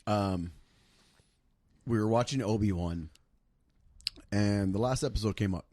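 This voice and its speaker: A man's voice: lowish voice, a little slow, warm tone, no room sound, clean studio sound. A man hosting a casual podcast chat over drinks, rambling with plenty of swearing, fillers and restarts. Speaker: podcast host.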